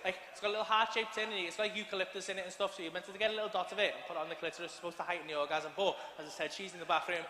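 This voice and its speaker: A man's voice: high voice, steady tone, rapid-fire, hardly any pauses, pushed and bright. A man in his thirties with an English accent, doing stand-up and telling a rambling, sweary story to an arena crowd. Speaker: stand-up comedian. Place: large arena stage. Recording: echoey arena, live audience.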